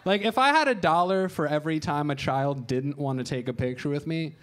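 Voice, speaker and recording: A man in his thirties doing stand-up storytelling on a comedy show stage, deadpan and crude, slipping into voices for the people he quotes. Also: a little high, a little fast, a little hiss or hum.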